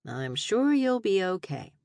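A woman voicing an exhausted young woman answering a friend's call with dry, playfully gruff replies in an audiobook. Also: mid-range voice, very animated, measured pace, a little mellow, dry recording, voice pushed up. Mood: wry. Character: tired, wry young adult woman fighter.

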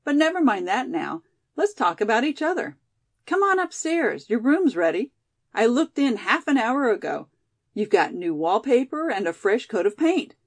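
A woman voicing a prankish young college girl with a cold, who talks in a teasing, lively way. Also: fairly high pitch, moderate pace.

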